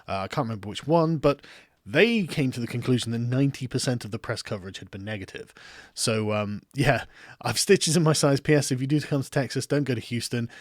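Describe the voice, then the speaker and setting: Speaking a little fast with lively intonation and a medium-pitched voice, this young adult man from England has an English accent. As a political commentary streamer, he rambles and laughs while reading viewer comments on a casual livestream, swearing freely and making fun of himself. The studio-quality audio carries no echo.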